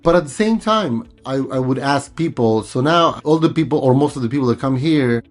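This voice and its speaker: A man's voice: medium pitch, lively intonation, brisk, soft background music. A middle-aged man, a native Spanish speaker originally from Mexico, hosting a casual, rambling vlog monologue and repeating himself often. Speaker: vlog host.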